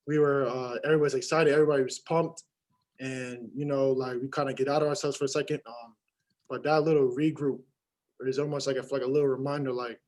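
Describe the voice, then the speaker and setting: At a postgame press conference, a young college basketball player gives halting answers full of fillers and restarts. He has a medium-pitched voice, and the recording is rough.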